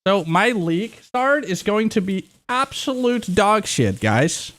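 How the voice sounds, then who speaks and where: A young man talks to his stream in a loose, rambling way, excitable and quick to swear. His voice sits a bit high for a man. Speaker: livestreamer. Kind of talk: casual livestream chat.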